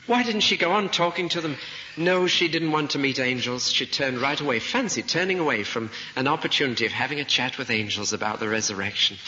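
A man's voice: medium pitch, fairly quick, sharp tone. A male preacher giving a sermon, retelling a story vividly and asking rhetorical questions. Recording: dull recording in a reverberant hall, faint noise.

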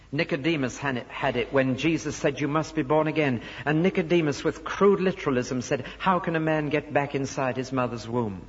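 Preacher in an echoing hall. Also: male voice, fairly high pitch, slightly rough. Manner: expository preaching, voicing quoted speakers. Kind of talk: sermon. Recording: dull recording in a large reverberant hall.

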